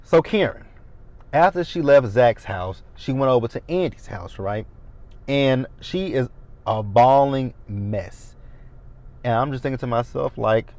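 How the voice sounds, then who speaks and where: A man's voice: medium pitch, expressive, unhurried, a little mellow, no room sound. A man in his thirties recapping a TV episode in a casual, blunt and opinionated way. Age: 30s. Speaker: TV recap host.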